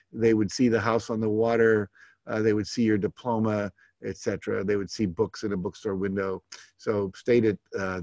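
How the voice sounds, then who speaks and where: A man leading a live goal-setting workshop. He reads out participants' goals and comments on each in a relaxed, conversational way with many fillers. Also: medium pitch, no room sound.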